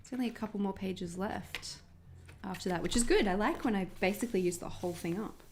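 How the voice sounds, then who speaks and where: Australian woman, young adult, casual livestream host, chatty and bubbly, mid-pitched voice. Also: brisk, slight background noise. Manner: chatty, bubbly, talks to chat viewers.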